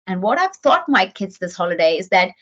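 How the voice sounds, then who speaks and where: A middle-aged woman from New Zealand gives an earnest, animated parenting talk with frequent restarts. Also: mid-range voice, brisk. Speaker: parenting speaker. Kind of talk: motivational talk to camera. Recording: dull lo-fi sound.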